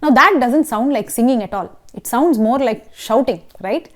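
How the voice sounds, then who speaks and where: In a lesson on singing, a woman with an Indian English accent walks through technique and regularly asks whether the listener is following. Her voice is on the high side, with lively intonation and a moderate pace.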